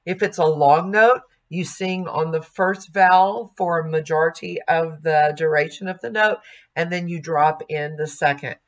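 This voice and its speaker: A woman teaching a music diction lesson, speaking slowly and carefully and modeling sung vowels and words aloud. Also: low-pitched.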